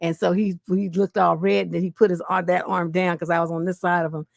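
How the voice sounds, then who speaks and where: Blunt, gravelly-voiced woman telling stories. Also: fairly low pitch, fast talker, no room sound, clean studio sound. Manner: blunt, profane, animated storytelling. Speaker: relationship coach, live stream host. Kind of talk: casual livestream storytelling.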